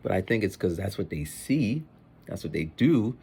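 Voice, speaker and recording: A man who teaches, chatting in a rambling, animated way in a casual vlog. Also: sits low, normal speed, vocal fry, slightly rough.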